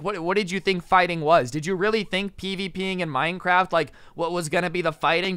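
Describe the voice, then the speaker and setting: A young man telling a story in a casual vlog, rapid and animated, full of "like" and "you know". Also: on the high side, clean tone, no room sound. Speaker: storytime vlogger.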